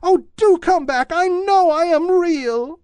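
Timid storybook toy rabbit, small and anxious, pitched well above the man reading's own voice, dry close sound. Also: slow, darkish tone, dry recording. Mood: pleading. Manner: high, pleading and earnest.

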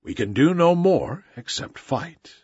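A man voicing a gentle but dangerous panther, soft-spoken and menacing, in a slightly dull recording. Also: on the high side, animated, unhurried, breathy edge, dry recording, pitched above the performer's own voice. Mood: quiet menace.

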